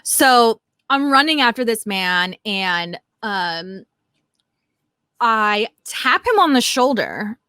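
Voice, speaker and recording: A woman in her thirties tells an animated story as co-host of a casual nostalgic chat, acting out the quotes and piling on fillers. Her voice sits a little high. The sound is close and dry. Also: slow pace, smooth, dry recording. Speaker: podcast co-host.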